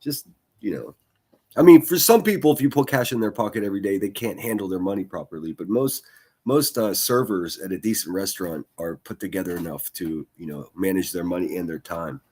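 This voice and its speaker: A man's voice: sits low, brisk, a little mellow, breathy edge. A man hosting a daily news livestream, chatting casually and rambling through the stories with repeated words and the odd swear. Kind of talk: casual commentary over news clips.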